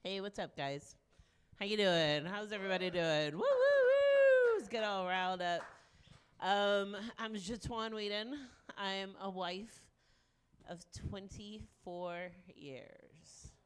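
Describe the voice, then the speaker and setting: A woman in her late forties doing a stand-up set, frank and self-mocking, with animated punchlines. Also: mid-range voice, slow pace, clean tone. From Deep South of the US. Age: 40s. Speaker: stand-up comedian.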